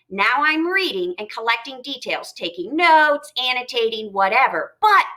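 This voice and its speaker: A woman teaching a reading lesson to students, animated and asking them lots of questions as she explains. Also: high-pitched. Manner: lively, animated, talks straight to students with rhetorical questions.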